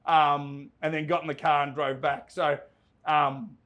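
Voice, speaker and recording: A man's voice: fairly high pitch, flat delivery, a little slow, lo-fi sound. An Australian man, an entertainment reporter, telling anecdotes in casual chat, laughing and restarting his sentences as he goes. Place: pub.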